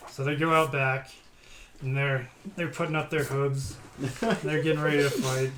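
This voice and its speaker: A man's voice: medium pitch, little pitch movement, moderate pace, long pauses. Man spinning a playful shaggy-dog joke. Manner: playful, chuckles through the telling. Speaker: player telling a joke story. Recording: roomy room with faint hiss.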